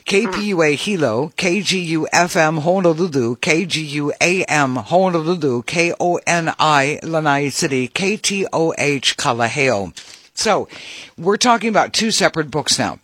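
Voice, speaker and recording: A man hosts a relaxed radio interview. His voice sits a little high and he keeps the talk upbeat and chatty. The sound is close and dry, with no room around it. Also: normal speed, no room sound. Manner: chatty, upbeat, reads station IDs. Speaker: radio host.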